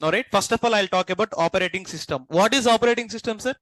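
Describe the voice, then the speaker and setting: A man, lecturing a class as instructor and constantly checking understanding with quick questions. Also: high-pitched, a bit bright, dry recording, low-quality recording.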